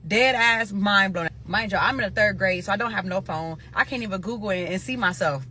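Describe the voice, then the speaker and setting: A woman from Nebraska talks straight to her viewers in a casual storytime. Her voice has a bright, forward tone. She tells it with animated, profane energy and keeps calling her audience "y'all.". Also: mid-range voice, brisk, slight background noise. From Omaha, Nebraska.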